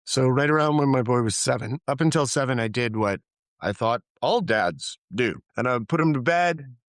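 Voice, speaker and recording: A middle-aged man telling candid personal stories in a relaxed conversational way, reflective and animated when he quotes people. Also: mid-range voice, moderate pace, no room sound, clean studio sound. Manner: reflective, acts out quoted dialogue with laughs. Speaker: podcast guest, therapist.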